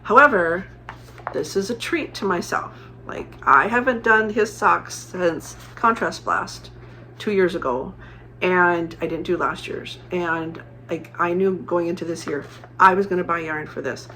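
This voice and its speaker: A woman's voice: on the low side, measured pace, pushed and bright, a little hiss or hum. A middle-aged woman from Arizona chatting casually as a crafting vlogger, rambling with many fillers and restarts. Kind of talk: casual chat.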